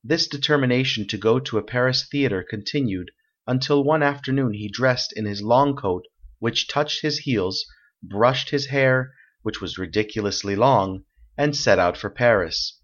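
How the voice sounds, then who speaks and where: Male storybook narrator, steady and measured, mid pitch, muffled lo-fi sound. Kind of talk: read-aloud story narration. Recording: dull lo-fi recording.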